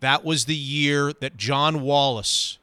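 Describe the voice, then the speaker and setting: Male sports talk host, animated storyteller, slightly high and crisp. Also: no room sound. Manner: animated, quick anecdote telling. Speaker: radio host.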